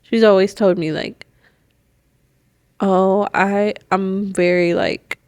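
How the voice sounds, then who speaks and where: A woman's voice: mid-range voice, flat delivery, takes it slowly, a little mellow, clear, resonant tone, dry recording. A woman co-hosting a podcast in casual chat, telling stories animatedly and acting out both sides of the exchange. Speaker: podcast co-host.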